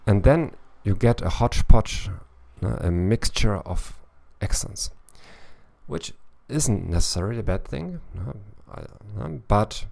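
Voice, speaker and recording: A man with a very low voice and a gravelly fry delivers a podcast lesson for language learners. He thinks aloud as he goes and keeps tossing in small tag questions to check that the listener is following. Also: lively intonation, unhurried, darkish tone. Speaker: language coach. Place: lives in Eastern Europe.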